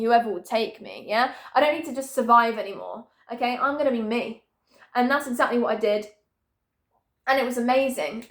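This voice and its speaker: A woman, telling a story to camera in a blunt, animated way with lots of swearing. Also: fairly high pitch. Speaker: vlogger. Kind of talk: casual storytime vlog.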